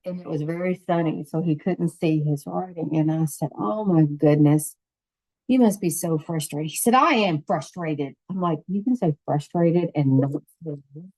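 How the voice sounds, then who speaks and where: A middle-aged grandmother chats as a podcast guest, telling family stories with lively acted-out quotes. Her voice sits somewhat low. The sound is dry, with no room echo. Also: normal speed. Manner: animated, acts out quotes in the story. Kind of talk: casual conversational storytelling.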